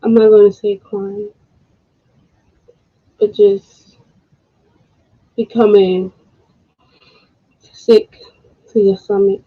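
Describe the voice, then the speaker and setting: A woman co-hosting an online talk stream, speaking with frustration and halting pauses, close to tears, with blunt profanity. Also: medium pitch, little pitch movement, husky. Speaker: co-host. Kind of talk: emotional commentary. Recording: dull lo-fi home recording.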